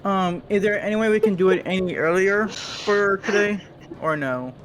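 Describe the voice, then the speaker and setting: A man's voice: sits high, moderate pace, poor audio. A man on a gaming stream, asking a question in a hesitant, polite way.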